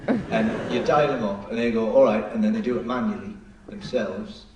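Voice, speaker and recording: A man's voice: fairly low pitch, normal speed, noisy background. A man on a live comedy panel, improvising a rambling, hesitant nonsense answer. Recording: echoey, distant live theatre recording with a loud crowd.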